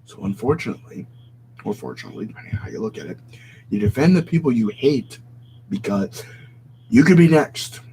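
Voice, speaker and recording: A man's voice: medium pitch, lively intonation, fairly quick, pauses often, mellow, slight background noise, low-quality recording. A man giving a casual commentary vlog from his computer, thinking aloud with fillers and self-corrections. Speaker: YouTuber.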